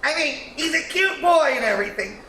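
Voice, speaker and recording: A woman's voice: sits high, animated, fairly quick, pushed and bright. An actress playing a woman comic who tells dated jokes and laughs at them herself, in a staged comedy reading. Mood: joking. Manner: jokey, laughs at her own jokes. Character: Marlo, woman stand-up comic at the DMV, corny jokes. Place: small theater stage. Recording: roomy hall, audience noise.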